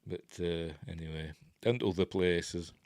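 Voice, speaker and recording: A man's voice: sits low, unhurried, darkish tone, no room sound, studio quality. An older man with a Yorkshire accent, casually talking through a film review with rambling, self-interrupting chat and wry asides. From Yorkshire, England.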